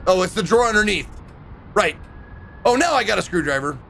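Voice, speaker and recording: Bright, lively-voiced gaming streamer man. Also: high-pitched, a little fast, gravelly, slight background noise. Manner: joking, chatty, swears. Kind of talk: casual let's-play commentary.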